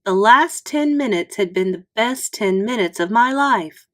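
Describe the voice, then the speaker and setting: Expressive woman reading a children's book. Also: on the high side. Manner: expressive, unhurried storytelling. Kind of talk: storybook read-aloud.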